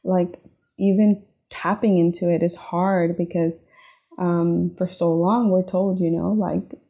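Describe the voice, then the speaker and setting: Young woman podcast host, warm low-key tone with vocal fry, earnest confessional delivery. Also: little pitch movement, unhurried. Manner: earnest, heartfelt, frequent "right?" and "like". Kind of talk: reflective personal podcast monologue.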